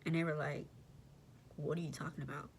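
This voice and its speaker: A woman's voice: low voice, flat delivery, a little fast, slight background noise. A young woman, animatedly telling a personal story in slangy casual speech and addressing her listeners directly.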